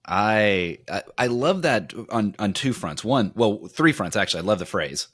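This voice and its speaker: A man's voice: fairly low pitch, big pitch swings, moderate pace, a bit bright, slightly rough, dry recording, clean studio sound. A male podcast host in casual interview chat, who often restarts his sentences and speaks with enthusiasm. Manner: enthusiastic, repeats words when starting sentences.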